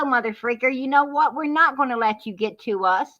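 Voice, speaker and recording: Preachy woman with a bright, lo-fi voice. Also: high voice, expressive, moderate pace, hardly any pauses. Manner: preachy, repeats herself, calls people hon and sweetheart. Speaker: guest on a live stream. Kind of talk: heated live-stream chat. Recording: muffled lo-fi live-stream audio.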